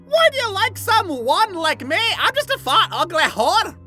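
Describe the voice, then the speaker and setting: A weepy, self-pitying teenage killer girl with a piercing, very high voice that whines through every line in over-the-top melodrama, as a man puts her on in falsetto. The tone is bright and cutting, with faint music underneath. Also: big pitch swings, normal speed, full character voice. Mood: whiny melodrama.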